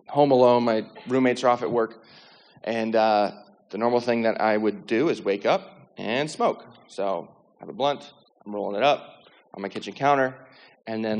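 A young man tells his personal testimony in a loose, conversational way, stumbling through restarts and fillers. His delivery is animated and his voice sits at an ordinary middle pitch for a man. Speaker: speaker sharing a testimony. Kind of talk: personal testimony, casual storytelling.

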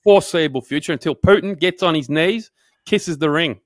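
A man's voice: fairly high pitch, normal speed, no echo, studio quality. Fired-up Australian man ranting. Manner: profane, fired-up ranting with constant "mate". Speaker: podcast co-host. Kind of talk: casual comedic podcast rant.

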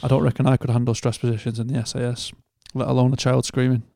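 Sweary Northern English man, gravelly voice. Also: mid-range voice, quick pace, no room sound. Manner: sweary, animated storytelling. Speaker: podcast co-host. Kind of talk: casual chat.

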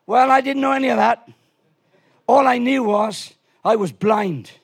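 A man preaching a lively sermon in a church, animated and swinging from quiet asides to shouts. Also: extremely high pitch, unhurried, breathy edge. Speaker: pastor.

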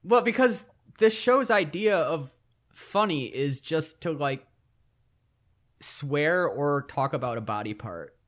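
A man co-hosts a podcast in relaxed chat, teasing his partner as they talk. His voice sits a little high and swings widely in pitch, which keeps him lively and animated. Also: takes it slowly. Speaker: podcast co-host. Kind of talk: casual chat.

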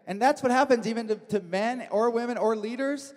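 A man's voice: high-pitched, fast, hardly any pauses. A man preaching a sermon in a church hall, telling the story with animation and acting out the quotes.

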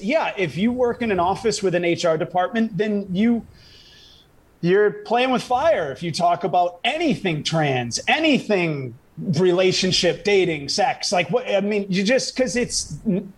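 High husky-voiced male comedian. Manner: animated, laughing, swaps between anecdote and bold claims. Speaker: stand-up comedian guest. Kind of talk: casual podcast chat.

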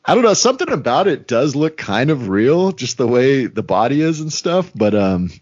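A man co-hosting a casual podcast rambles in a very animated, mid-range voice at normal speed, full of fillers and acted-out quotes. The recording is dry with a dull lo-fi sound.

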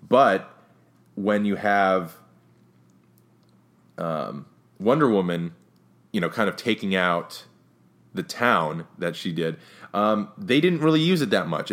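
A man with a very low, deep voice talks through a film review in a loose, offhand way. He rambles and restarts often, and livens up when he gets to his complaints. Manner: rambling, frequent restarts and fillers; opinionated, gets more animated when critiquing. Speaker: movie reviewer. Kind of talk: casual spoken movie review.

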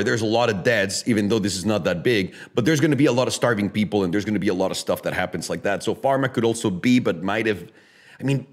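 Lively, profane, ranting man. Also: lowish voice. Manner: profane, emphatic, sarcastic, rhetorical questions. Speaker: podcast host. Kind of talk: casual opinionated chat.

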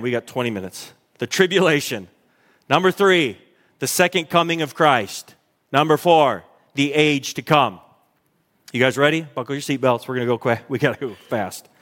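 A man preaching a sermon to his congregation in a church, energetic and urging, often exclaiming. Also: on the high side. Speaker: pastor. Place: church sanctuary. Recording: long church reverb.

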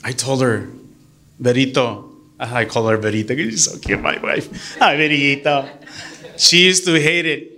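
A man's voice: medium pitch, normal speed. Earnest bilingual deacon, middle-aged man. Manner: earnest, animated, switches between English and Spanish. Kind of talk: informal church talk to a group.

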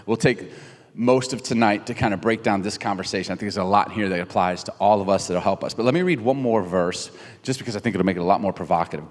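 A man in his thirties preaching a casual, joking sermon, retelling a story in everyday words. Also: on the low side. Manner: conversational and animated, jokes with the audience. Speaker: pastor. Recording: reverberant hall from a distance.

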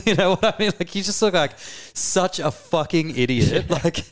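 A man, co-hosting a podcast and telling a tour story in a relaxed way, full of fillers. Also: a little high, moderate pace. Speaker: podcast co-host, band musician. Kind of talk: casual storytelling chat.

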